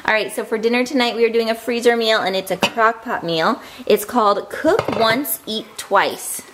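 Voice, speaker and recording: A woman's voice: on the high side, normal speed, fairly bright tone, slight background noise, low-quality recording. A woman in her thirties, a mother hosting a casual family vlog, chatty and laughing often.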